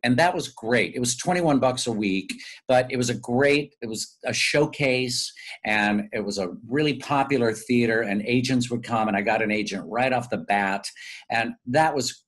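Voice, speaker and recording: A male actor telling lively, self-mocking stories in a casual interview. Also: medium pitch, moderate pace. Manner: animated, self-mocking storyteller. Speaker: guest actor.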